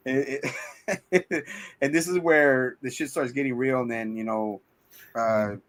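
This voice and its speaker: A man in a loose movie review chat, retelling scenes in a rambling way, full of swearing and quick acted-out quotes. His voice sits at a middling pitch. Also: fairly even intonation. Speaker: podcast co-host.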